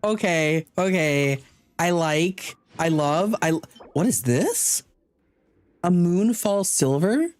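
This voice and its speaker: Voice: medium pitch, animated, takes it slowly, a little mellow. A chatty streamer thinking aloud over gameplay. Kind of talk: live gameplay commentary.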